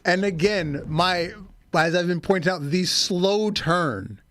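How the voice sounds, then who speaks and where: High-voiced analytical podcast man. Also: expressive, takes it slowly, a bit bright, dry recording. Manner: analytical, steers the topic. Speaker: podcast co-host. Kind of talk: casual wrestling chat.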